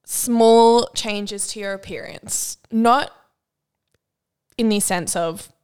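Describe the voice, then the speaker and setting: A woman's voice: on the high side, takes it slowly, a little mellow, smooth. A young woman co-hosting a casual chat podcast, talking freely, laughing often and swearing now and then. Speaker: podcast co-host.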